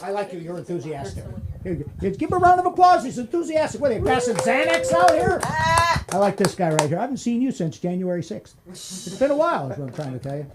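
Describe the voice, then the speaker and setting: Lively host teasing the crowd. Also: mid-range voice, quick pace, heavy background noise. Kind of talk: emceeing between acts. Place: comedy club stage.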